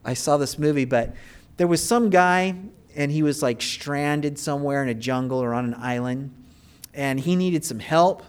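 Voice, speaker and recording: A male pastor delivers a sermon in a relaxed, storytelling way, with fillers and rising bursts of emphasis. His voice sits somewhat high for a man. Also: moderate pace, smooth.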